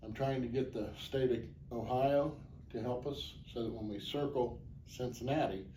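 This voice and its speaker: A man's voice: medium pitch, normal speed, dark tone, recorded from a distance. A man answering interview questions as the organizer of a charity motorcycle ride, plainspoken, earnest and rambling. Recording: echoey, off-mic, faint background noise.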